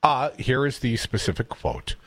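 A man's voice: mid-range voice, moderate pace, no room sound. A man co-hosting a radio talk show, joking sardonically through political banter from a studio microphone. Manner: sardonic, jokey, animated. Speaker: radio co-host.

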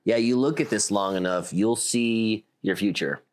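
A man's voice: fairly low pitch, normal speed. A man from South Dakota co-hosting a podcast in casual chat, rambling and laughing often. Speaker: podcast co-host.

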